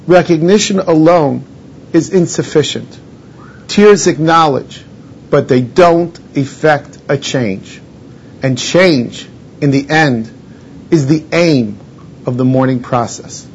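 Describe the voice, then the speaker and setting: A rather high-voiced man gives a religious lesson, stopping to gloss Hebrew terms in plain English. The recording sounds dull and lo-fi, with a faint rumble underneath. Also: darkish tone. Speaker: rabbi teaching a class. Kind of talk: Torah lesson on mourning laws.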